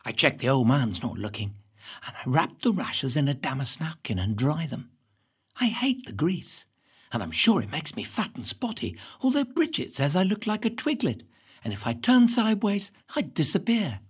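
Brief: woman narrator, husky, swooping lively pitch, wry first-person reading. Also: moderate pace. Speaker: reader.

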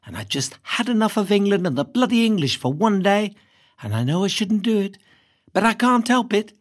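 A woman reading a first-person novel aloud in a lively, cheeky storytelling manner. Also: medium pitch, moderate pace. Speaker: reader.

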